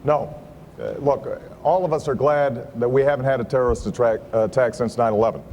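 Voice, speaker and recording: Halting candidate answering in a hall. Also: male voice, mid-range voice, steady tone, a little mellow. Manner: deliberate, halting with many "uh" pauses. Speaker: presidential candidate. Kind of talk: debate answer. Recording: reverberant hall, faint noise.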